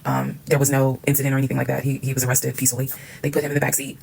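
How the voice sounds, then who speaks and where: A woman's voice: very deep voice, completely flat delivery, rapid-fire, gravelly, darkish tone, a little hiss or hum, rough recording. A woman telling a personal story in a casual storytime monologue, candid and emphatic, swearing freely.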